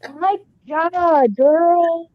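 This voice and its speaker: A woman's voice: very high voice, drawn-out words. A woman joining a casual livestream chat, teasing and bantering playfully. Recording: slightly dull lo-fi sound.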